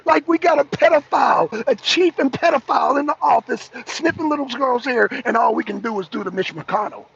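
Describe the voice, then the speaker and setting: A man on a political talk show ranting loudly, swearing and repeating himself, sometimes breaking into laughter. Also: extremely high pitch, a little fast, gravelly, hardly any pauses, husky. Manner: loud, profane, repetitive ranting. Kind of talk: heated political rant. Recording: dull lo-fi stream audio.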